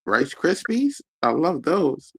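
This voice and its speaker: This is a man calling in as a guest on a casual chat panel who plays along with the jokes. His voice is husky and gravelly, and his pitch moves around a lot. The sound is dry and close. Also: very animated, slow pace, fairly bright tone, no echo. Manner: playful, jokey.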